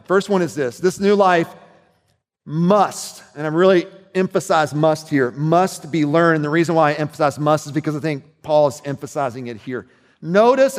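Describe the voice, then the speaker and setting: A man's voice: sits high, long reverb tail. A man preaching a sermon as pastor, talking conversationally and checking in with his listeners.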